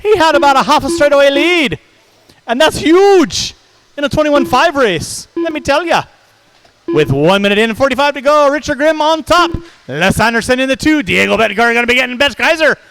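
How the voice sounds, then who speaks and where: A man calling a hobby race over the track speakers, brisk and jokey, reeling off driver names in quick runs. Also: very high voice, expressive, a bit bright, rough recording. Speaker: race announcer. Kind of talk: live race commentary.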